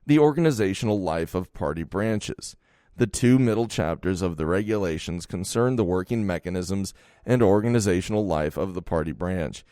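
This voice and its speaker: A man narrating a nonfiction audiobook in a steady, measured reading voice. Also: low voice, no echo, studio quality.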